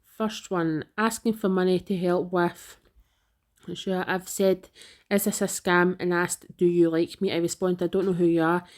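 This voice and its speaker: A woman reading out online comments in a flat, even delivery. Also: lowish voice, measured pace.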